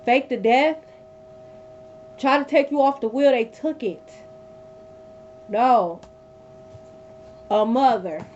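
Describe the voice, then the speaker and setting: Sitting on her bed at home, a tarot reader with a slightly high, darkish voice speaks slowly with long pauses. Her live reading is blunt and profane, and she repeats points for emphasis, all on dull lo-fi audio with a faint hum.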